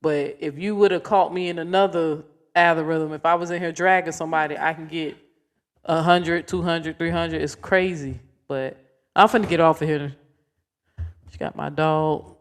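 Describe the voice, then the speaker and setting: A woman's voice: low-pitched, steady tone, moderate pace. Chatty woman in her forties. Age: 40s. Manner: playful, coaxing her dog with rising calls. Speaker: livestream host. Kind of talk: casual livestream chat.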